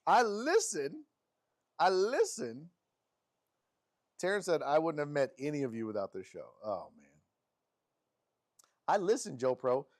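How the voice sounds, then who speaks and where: A man hosting a sports live stream, reading viewer messages aloud in an animated, affectionate way. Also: moderate pace, pauses often. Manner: animated and affectionate, with frequent laughs and pitch jumps.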